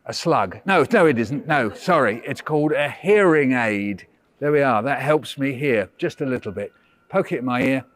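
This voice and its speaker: Speaking at a medium pitch and moderate pace, an animated older English man leads young children through a school workshop indoors. He coaxes them playfully and counts them in for call-and-response chanting.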